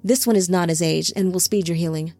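A woman's voice: on the low side, dark tone, dry recording, faint music behind. Woman reading Yemezrek, a remorseful angelic being. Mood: solemn. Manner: formal, measured. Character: remorseful male angelic being, solemn and gentle.

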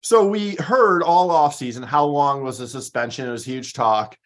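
A man's voice: medium pitch, moderate pace, fairly bright tone. A man co-hosting a sports show, reeling off stats in an upbeat, jokey way. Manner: stat-heavy, upbeat, jokey. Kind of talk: casual sports talk.

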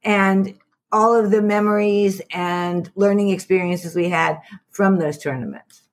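A woman who teaches karate, thinking aloud with pauses in a relaxed group discussion. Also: mid-range voice. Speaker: karate instructor, panelist.

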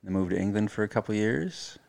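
A man's voice: fairly low pitch, animated, quick pace, creaky, a little mellow. A Canadian man in his thirties, a podcast guest telling laid-back stories in casual chat, with some casual swearing. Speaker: podcast guest, chef and teacher.

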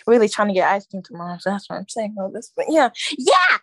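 A woman's voice: mid-range voice, sing-song, fairly quick, few pauses, a bit bright, dry recording. A teenage girl co-hosting a school podcast in casual, playful chat. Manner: playful, joking. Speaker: podcast co-host.

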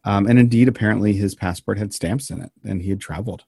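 A lower-pitched man talks in a dry, close-miked sound as he co-hosts a podcast. He tells a strange story in a loose, meandering way, full of ums and deadpan jokes. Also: quick pace, gravelly, slightly rough, dry recording. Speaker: podcast co-host telling the story. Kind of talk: casual banter and storytelling.

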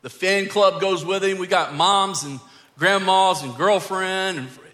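A man's voice: high voice, bright, forceful tone. A middle-aged man, a pastor preaching a sermon and telling a family story, earnest and building to emphatic exhortation. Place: church sanctuary. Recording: church hall reverb with faint music.

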